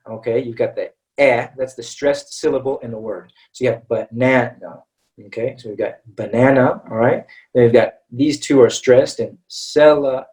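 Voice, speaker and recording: A man's voice: medium pitch, a little mellow. Patient male English teacher, slightly distant mic. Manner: patient, checks in with "okay?" after nearly every point. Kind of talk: online webinar lesson. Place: online video-call webinar.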